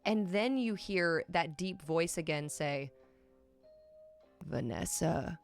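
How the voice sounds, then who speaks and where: Slow-talking woman narrating a game. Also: lowish voice, smooth, soft background music. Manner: slow, measured narration with frequent ums. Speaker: game master. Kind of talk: narrating a tabletop role-playing game.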